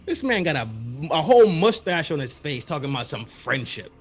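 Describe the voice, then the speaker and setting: A man hosting a podcast, delivering a mocking commentary rant with rapid-fire repeated words. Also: fairly high pitch, sing-song, soft background music. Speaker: podcast host.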